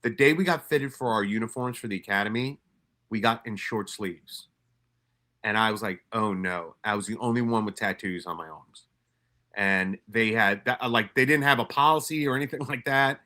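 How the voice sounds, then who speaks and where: A man's voice: on the low side, moderate pace, sharp tone. A man from New York telling stories in a casual, profane way, with many restarts and quoted asides. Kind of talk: casual storytelling.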